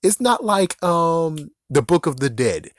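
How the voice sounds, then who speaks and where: A man's voice: on the high side, sing-song, slow, dry recording, clean studio sound. Man ranting in a rambling way. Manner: exasperated, rambling, self-interrupting. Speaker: vlogger. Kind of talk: casual ranting commentary.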